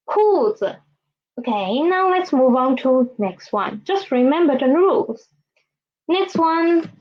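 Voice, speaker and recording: Slow, patient woman teaching Chinese tones. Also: sits high, muffled recording. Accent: Mandarin Chinese. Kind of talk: language lesson.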